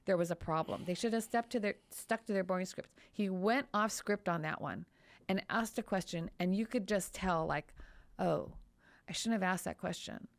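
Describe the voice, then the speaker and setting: A woman hosting a podcast and lawyer who tells a courtroom story in an animated, storytelling way. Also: medium pitch, moderate pace. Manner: animated, storytelling, reenacts quotes. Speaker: podcast host and trial lawyer. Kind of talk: casual podcast conversation.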